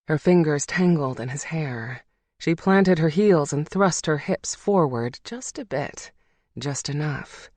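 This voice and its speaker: An audiobook narrator reading a romance novel in a measured, intimate way. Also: medium pitch, lively intonation, a little mellow, dry recording.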